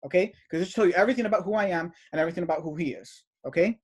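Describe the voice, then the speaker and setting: An indignant man delivers a running commentary on chat messages, circling back over the same points with a steady stream of "you know" and "right?". His voice is husky and pitched a little higher than most men's. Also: rapid-fire. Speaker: teacher of an esoteric study group.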